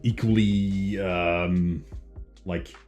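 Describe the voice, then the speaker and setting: A man chatting casually on a stream, unhurried and low-pitched, with soft music under his voice. His talk rambles and mocks himself, and he laughs often. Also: fairly even intonation. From Flanders, Belgium. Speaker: livestreamer. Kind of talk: casual chat.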